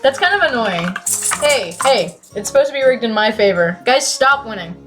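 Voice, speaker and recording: Profane, excitable young woman streamer. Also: a little high, moderate pace, faint music behind. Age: late teens. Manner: profane, excitable, swings from loud to mumbled. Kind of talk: casual chat.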